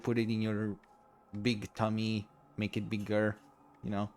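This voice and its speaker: A man streaming a game live, chatting in a rambling, giggly, apologetic way, tired and low on energy. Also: completely flat delivery, unhurried, darkish tone. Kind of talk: casual live-stream chat.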